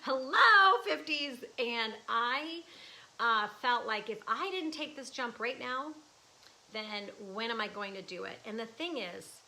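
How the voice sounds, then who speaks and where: A woman's voice: fairly high pitch, measured pace, pushed and bright, rough recording. Chatty emotional woman in her fifties. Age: 50s. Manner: chatty and emotional, with laughs and restarts. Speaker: artist. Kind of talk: casual livestream chat. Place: home art studio.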